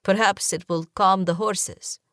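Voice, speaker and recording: Woman reads a courteous young male traveler in a storybook, gentle, a bit lifted, dry close sound. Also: mid-range voice, steady tone, unhurried, dry recording. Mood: polite. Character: calm, helpful young man, a flute player.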